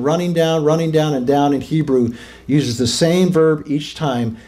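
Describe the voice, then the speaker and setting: A man's voice: on the high side, a little mellow. A man preaching an informal teaching sermon, conversational, often rising to emphatic peaks and asking the room questions. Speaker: pastor.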